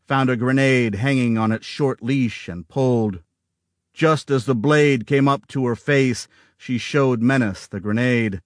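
A man narrating an audiobook in a steady, dramatic storytelling manner, close to the microphone. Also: medium pitch, no echo.

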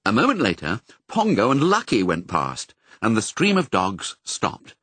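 Husky, lively male storybook narrator. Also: lowish voice, normal speed, no echo. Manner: expressive, storytelling. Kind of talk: audiobook reading.

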